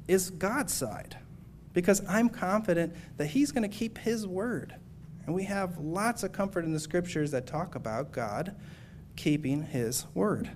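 A man delivers an earnest, measured sermon, his voice sitting a little higher than most men's. He works through scripture passages with steady conviction, reading them aloud and unpacking them for his listeners. A faint hum of the room lingers beneath him. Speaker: preacher.

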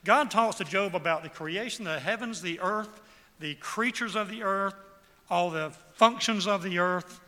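A man's voice: high-pitched, measured pace, bright, forceful tone. Emphatic preacher man in a reverberant hall. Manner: emphatic, rhetorical questioning. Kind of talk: sermon.

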